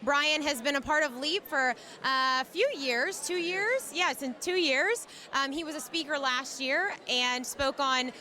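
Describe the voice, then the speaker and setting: Upbeat woman interviewer, high bright voice, outdoor event. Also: measured pace, few pauses. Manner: upbeat, encouraging.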